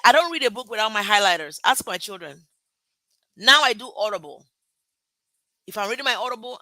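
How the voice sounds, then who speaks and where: A woman's voice: mid-range voice, sharp tone, dry recording, low-quality recording. A middle-aged Nigerian woman hosting a live motivational talk, emphatic and repetitive, laughing at herself. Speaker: motivational host.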